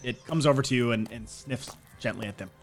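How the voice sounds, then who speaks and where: A man narrating as game master in a tabletop game, casual and halting with fillers. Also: medium pitch, vocal fry, faint music behind.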